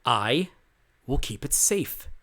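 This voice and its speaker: A man's voice: medium pitch, very animated, slow pace, bright, forceful tone, exaggerated voice. A man voicing an impatient, scheming male soldier leader in a tabletop game, clipped and secretive.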